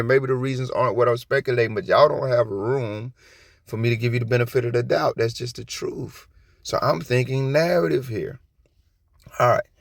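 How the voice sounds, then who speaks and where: Gravelly-voiced man ranting to camera. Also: mid-range voice, no echo, studio quality. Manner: rambling, blunt and profane, talks straight to the viewers. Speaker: commentary channel host. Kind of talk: casual commentary vlog.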